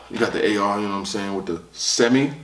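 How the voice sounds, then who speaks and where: A man recapping a battle rap in casual, animated, profane commentary, reacting loudly and repeating words as he quotes lines. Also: fairly low pitch, a little fast, reverberant, far from the mic.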